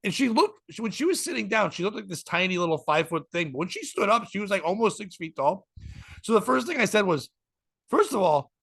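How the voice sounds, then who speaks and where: A man's voice: sits high, gravelly, bright, forceful tone, slightly rough, no echo, clean studio sound. A man, a stand-up comic hosting a podcast, rambling through a story with profanity and acted-out quotes. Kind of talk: casual storytelling chat.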